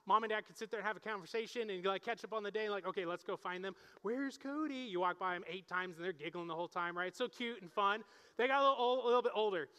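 A middle-aged man preaching a sermon in a relaxed, conversational way, often checking in with his listeners. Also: high voice, smooth. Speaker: pastor. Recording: long reverb of a large hall.

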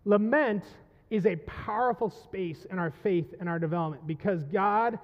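A male pastor preaching a passionate sermon to his congregation, swinging between quiet reflection and loud pleading. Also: sits high, normal speed, big-room sound, highs cut off. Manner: impassioned, rising to loud pleading when voicing the psalm. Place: church sanctuary.

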